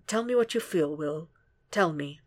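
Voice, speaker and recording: A composed, courtly doctor speaks in a low, hushed and measured way, as a woman reads him in an audiobook. Every word comes slow and deliberate, pitched a little below the average woman's. The calm never slips. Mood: soothing. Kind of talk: audiobook fan fiction reading.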